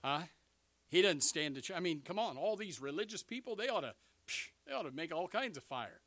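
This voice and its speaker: A man preaching a sermon, animated, swinging between loud bursts and hushed asides. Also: fairly high pitch, fairly quick, no room sound.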